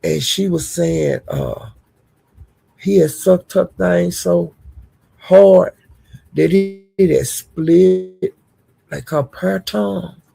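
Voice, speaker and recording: A woman's voice: fairly low pitch, takes it slowly, creaky, mellow, husky, faint music behind. A woman vlogger giving casual gossip commentary to her viewers, blunt, profane and indignant.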